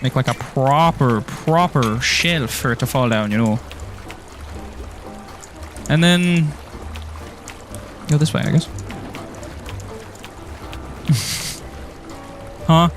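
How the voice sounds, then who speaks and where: There are long pauses in this Irish man's extremely slow, mid-pitched speech, with faint music playing behind. Streaming a game, he chats loosely with viewers, rambling, self-teasing and laughing often.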